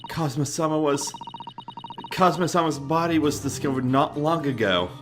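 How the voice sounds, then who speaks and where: A man's voice: a little high, normal speed, close to an everyday voice. A man voicing a polite, earnest young woman assistant, speaking in stiff formal phrasing over game music. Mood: stern.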